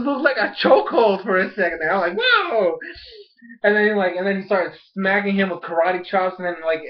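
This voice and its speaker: A man giving a rambling, excitable casual recap of an anime episode, acting out the characters' lines. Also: sits high, dull audio. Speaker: anime reviewer.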